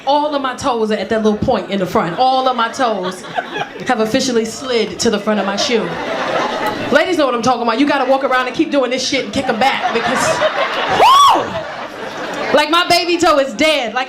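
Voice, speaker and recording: A woman comedian doing a stand-up set, brash and profane, breaking into loud shouting bits. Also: on the high side. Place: comedy club stage before a laughing audience. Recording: live club recording with loud crowd laughter. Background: crowd laughing and cheering.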